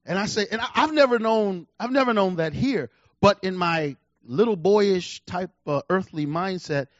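A man preaching a sermon, swinging between loud shouts and hushed, intimate lines. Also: high voice, normal speed, dry recording, lo-fi sound. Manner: animated, swings from shouts to near-whispers.

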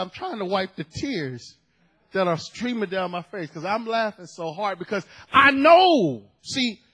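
A man preaching a sermon, telling a story and building to loud shouted peaks. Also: sits high, breathy edge. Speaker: pastor.

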